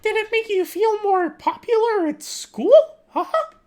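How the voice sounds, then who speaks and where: A reader putting on a squeaky, cartoon-mouse-like falsetto as a stern mother during a casual read-aloud of a children's book. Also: sing-song, a little slow, darkish tone, exaggerated voice. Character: shrill, prim suburban mother, stern.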